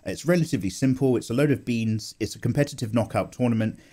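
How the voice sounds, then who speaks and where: A young man chatting casually on his art channel as he draws, animated and self-mocking, swearing and laughing as he goes, recorded on a condenser microphone at home. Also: mid-range voice, fast talker. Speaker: art YouTuber. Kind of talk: casual chat while drawing.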